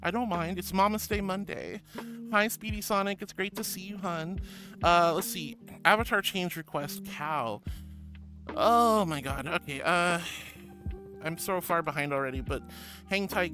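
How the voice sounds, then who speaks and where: A woman's voice: lowish voice, normal speed, fairly bright tone, soft background music. A woman streaming live, chatting casually with viewers in a bubbly, giggly way, calling them honey and sweetie.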